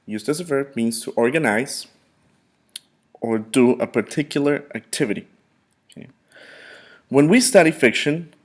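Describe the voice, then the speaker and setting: A man teaching a word-of-the-day vocabulary lesson to students, repeating words slowly and checking in often. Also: mid-range voice. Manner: slow, repetitive drilling with frequent "okay".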